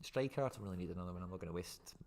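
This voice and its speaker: A man's voice: low voice, very fast, vocal fry, a little hiss or hum. Chatty man, live streamer. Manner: chatty and excitable, rambling with many fillers. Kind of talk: casual live-stream chat, reacting to viewers.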